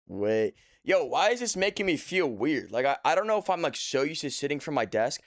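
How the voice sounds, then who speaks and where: A man's voice: a little high, very animated, a little fast, no room sound, clean studio sound. A young man hosting a casual livestream, joking and playfully mock-serious, talking from a few feet back from his desk mic at his home setup. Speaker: livestream host.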